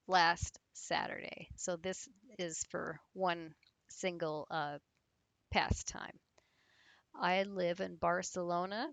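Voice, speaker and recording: A woman gives an English grammar lesson in a slow, unhurried way. Her voice sits a little low, and the sound is dry and close with no room echo. She explains patiently and spells words out letter by letter. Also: fairly bright tone. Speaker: English teacher.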